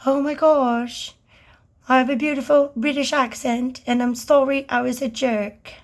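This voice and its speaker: A woman voicing a prim young noblewoman who gushes her apology in a breathy mock-posh tone. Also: high-pitched, steady tone, measured pace. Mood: gushing.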